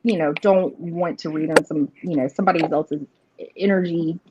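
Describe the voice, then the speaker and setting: A woman's voice: low voice, fairly even intonation, normal speed, background noise. A woman, hosting a live reading stream in casual, rambling chat and laughing often. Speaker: host of live tarot readings. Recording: dull lo-fi stream audio.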